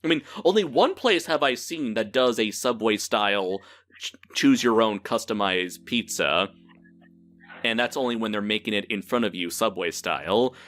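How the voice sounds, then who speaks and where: A man's voice: lowish voice, normal speed, a bit bright. A man hosting a podcast in casual chat, laughing often and swearing freely. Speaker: podcast host.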